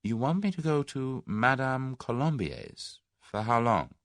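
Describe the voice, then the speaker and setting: A man reading the lines of a brisk, frank young Englishwoman in a mystery audiobook. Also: medium pitch, very animated, fairly bright tone, no echo, studio quality, pitched above the performer's own voice. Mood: puzzled. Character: young English woman, spirited and shrewd.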